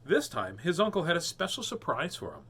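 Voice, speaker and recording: A man's voice: fairly high pitch, wildly swooping pitch, a little fast, a bit bright, husky. Playful man reading storybooks aloud. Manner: playful, joking, with frequent laughs. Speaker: storyteller host. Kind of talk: reading picture books aloud.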